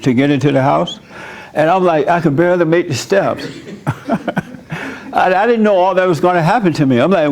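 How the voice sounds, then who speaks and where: A man with a slightly higher voice preaches a loose, conversational sermon in church. He drifts into personal stories and laughs easily between his points. His tone is plainspoken and direct, as if he is talking with the congregation. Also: gravelly, a little mellow. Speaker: pastor.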